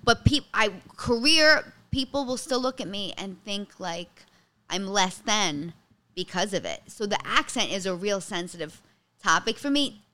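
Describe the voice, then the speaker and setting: Bright-voiced Bronx woman, fast talker. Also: mid-range voice, expressive, slight background noise. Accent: Bronx New York. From the Bronx, New York. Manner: fast, chatty, full of "like" and restarts. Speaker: guest comedian. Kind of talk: casual podcast chat.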